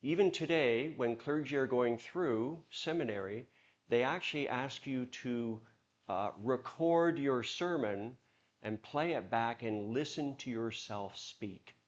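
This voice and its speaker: Man, workshop leader, middle pitch, animated delivery, slightly muffled recording. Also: takes it slowly. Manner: animated, acts out examples in put-on voices. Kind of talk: workshop talk to a church audience.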